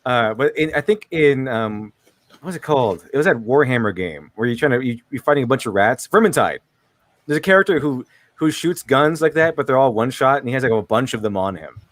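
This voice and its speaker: A man's voice: mid-range voice, expressive, fairly quick, a bit bright, dry recording. A man co-hosting a stream, chatting casually and laughing often. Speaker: stream co-host. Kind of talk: casual chat.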